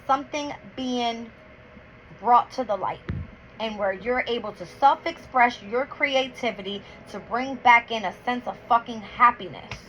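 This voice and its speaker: A woman's voice: on the high side, unhurried, fairly bright tone. A woman doing a casual tarot and astrology reading, counting cards aloud and getting heated, blunt and full of swearing. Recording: dull lo-fi with clear background noise.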